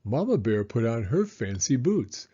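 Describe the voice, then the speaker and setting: A man reading a children's story aloud with expressive, unhurried narration. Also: mid-range voice, breathy edge, dull audio. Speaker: storybook reader.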